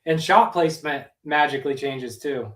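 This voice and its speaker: A man's voice: on the high side, moderate pace. Male co-host, short joking interjections, roomy distant sound. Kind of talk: casual chat.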